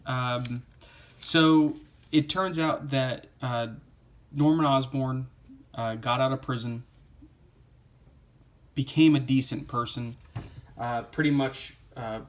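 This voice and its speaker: A man's voice: medium pitch, steady tone, slow pace, long pauses. A man giving a casual spoken comic book review, rambling with lots of fillers like "uh" and "you know".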